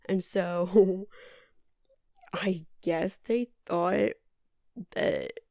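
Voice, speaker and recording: A woman's voice: medium pitch, creaky, a little mellow, dry recording. A woman podcast host giving a casual movie recap in a dry, sarcastic, rambling way.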